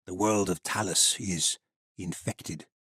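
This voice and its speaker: A man playing a gruff, stern armored knight standing guard. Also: sits low, fairly even intonation, slow, bright, forceful tone, no room sound, studio quality, heavily acted.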